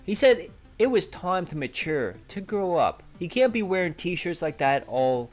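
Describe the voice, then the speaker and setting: A man's voice: high voice, sing-song, measured pace, faint music behind. A man hosting a drama commentary channel, sarcastically recapping a streamer's clips. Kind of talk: narrating commentary over clips.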